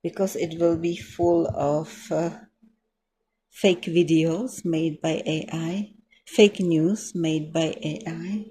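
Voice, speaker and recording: A Czech-accented woman chatting in English, her second language. She talks slowly and thoughtfully, pausing to find her words. Her voice is low and mellow. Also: fairly even intonation. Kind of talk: casual chat.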